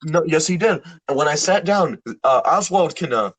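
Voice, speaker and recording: A young man co-hosting a podcast, telling a story in casual banter, animated and swearing, acting out the people in it. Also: a little high, moderate pace, no echo. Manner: animated, swears a lot, acts out voices in anecdotes. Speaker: podcast co-host.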